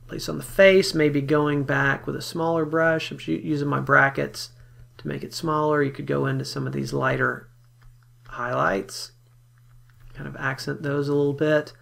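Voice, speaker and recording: Gravelly man walking through photo edits. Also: a little high, normal speed. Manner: relaxed, explanatory, with fillers. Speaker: photography software tutor. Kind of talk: screen-recorded software tutorial.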